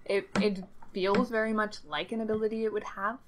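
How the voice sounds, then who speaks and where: A woman's voice: medium pitch, fairly even intonation, a little fast, a little hiss or hum. A woman podcast co-host in casual chat, explaining points and pushing back in friendly debate. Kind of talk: casual podcast chat about a card game.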